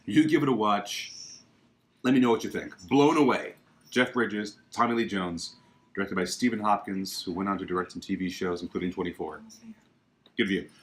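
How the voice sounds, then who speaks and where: Chatty, opinionated man with a low voice. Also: normal speed. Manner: chatty and opinionated, emphatic asides. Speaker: podcast host. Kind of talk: casual livestream chat about films. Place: home living room.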